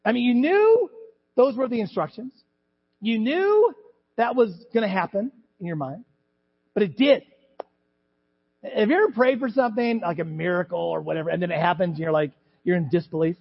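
Middle-aged guy pastor preaching, high voice that jumps all over, big church echo, kinda dull sound. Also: normal speed, creaky, long pauses, husky. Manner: animated, acts out scripture voices. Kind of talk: sermon. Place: church sanctuary. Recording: dull church recording with long reverb.

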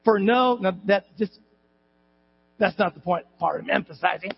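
A male pastor preaching a sermon in church, animated and emphatic, with rhetorical questions to the congregation. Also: sits high, normal speed, creaky, long reverb tail, muffled recording, a little hiss or hum. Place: church hall.

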